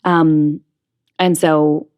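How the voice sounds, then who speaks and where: A woman's voice: sits low, flat delivery, drawn-out words, darkish tone, clear, resonant tone. A young woman from the New York area, a Broadway actress chatting as a guest, frank and full of fillers. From New Jersey/New York. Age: young adult. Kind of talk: casual interview chat.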